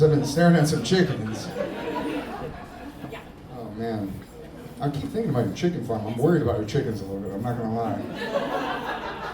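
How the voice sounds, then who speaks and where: A man's voice: mid-range voice, lively intonation, a little fast, long pauses. A man doing loose, laughing stand-up crowd work, teasing the audience from a comedy club stage. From Middle Eastern heritage, Persian father. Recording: echoey room, distant, noisy crowd.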